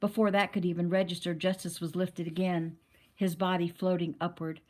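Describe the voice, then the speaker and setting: A woman's voice: fairly low pitch, flat delivery, normal speed, a little mellow. Woman narrating a novel steadily. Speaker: audiobook narrator.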